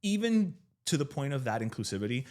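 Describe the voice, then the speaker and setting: A man's voice: medium pitch, very animated, fast, a little mellow. A man co-hosting a podcast, chatting eagerly about pop culture and fan conventions. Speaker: podcast co-host. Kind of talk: casual chat.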